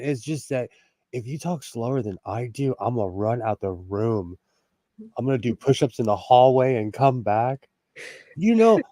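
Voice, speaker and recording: A man from California hosting a sewing livestream, telling stories in a playful, animated way with plenty of laughter. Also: mid-range voice, no room sound. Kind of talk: casual chat.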